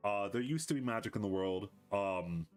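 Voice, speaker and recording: A fairly low-voiced man leads a tabletop game and talks the players through the setting in a loose, rambling way. Faint music plays in the background. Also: expressive, normal speed. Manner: loose, meandering explaining. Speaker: game master. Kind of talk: explaining a tabletop campaign setting.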